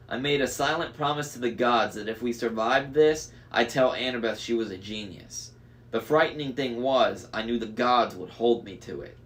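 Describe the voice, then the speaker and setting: A man reads a novel aloud in a medium-pitched voice, stopping now and then for casual comments. When he slips, he goes back and rereads the line, and the whole thing feels like a relaxed read-aloud.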